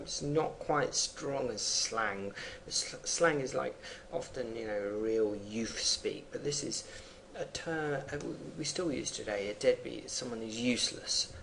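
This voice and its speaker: Gravelly-voiced guy talking through a poem like a teacher, um-ing as he thinks, bit of hiss behind. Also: medium pitch. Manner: unscripted, thinking aloud with fillers between readings. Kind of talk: explaining a poem line by line.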